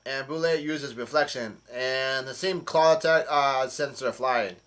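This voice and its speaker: A man's voice: medium pitch, measured pace, fairly bright tone. A man casually recapping a comic chapter, rambling with many fillers and restarts. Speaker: channel host.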